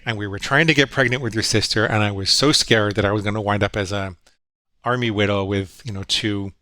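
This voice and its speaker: A man's voice: on the low side, steady tone, fairly quick, bright, forceful tone, no echo. Middle-aged male guest psychologist, earnest and reflective, dry close sound. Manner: earnest, reflective, quotes his own inner voices. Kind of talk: storytelling conversation.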